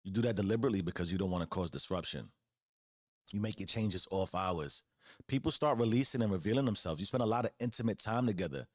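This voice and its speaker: A man's voice: lowish voice, fast talker, darkish tone, no echo, clean studio sound. A man in his forties giving an earnest motivational monologue as host, preaching with casual slang and repeated phrases. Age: 40s. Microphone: close podcast mic.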